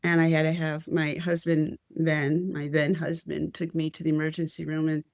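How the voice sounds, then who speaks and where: A woman's voice: sits low, flat delivery, moderate pace, a little mellow, no room sound, clean studio sound. An older woman telling a personal spiritual story as an interview guest, earnest and heartfelt.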